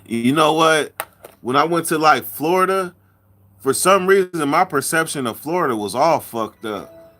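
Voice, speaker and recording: Man, casual chat, from California, bright tone, higher pitch, repeats himself. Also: expressive. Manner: loose storytelling, drawn-out words, repeats himself. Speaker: podcast host.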